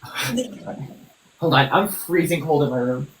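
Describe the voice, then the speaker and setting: A man chatting casually on a live stream as a former contestant and superfan, animated and emphatic. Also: a little high, slow.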